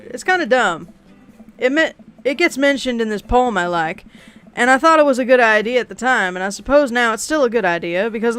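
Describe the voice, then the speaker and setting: A woman's voice: a little high, fairly bright tone, smooth. A woman voicing an awkward coffee shop barista who rambles nervously and can't stop talking. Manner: nervous, rambling, self-conscious.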